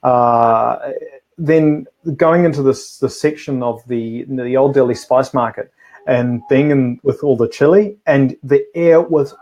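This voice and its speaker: A man chats on a live cooking stream, his voice sitting at an everyday middle pitch. He rambles through his points, restarting sentences and filling gaps with ums. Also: a little slow, a little mellow. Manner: chatty, rambling with many restarts and fillers. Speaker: co-host of a live food show. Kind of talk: casual live-stream chat.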